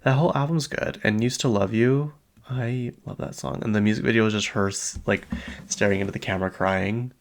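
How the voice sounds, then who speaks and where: A man's voice: fairly low pitch, fairly even intonation, brisk. A man in his late twenties chatting casually on his own, rambling through asides and fillers as a podcast host. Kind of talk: casual solo pop-culture chat.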